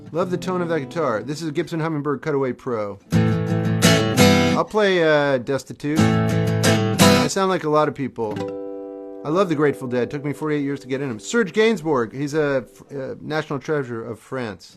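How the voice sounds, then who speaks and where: A middle-aged man hosting a livestream, reading viewer questions aloud and answering them briefly in an offhand way. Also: fairly high pitch. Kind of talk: casual livestream chat between songs. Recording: acoustic guitar playing behind the voice.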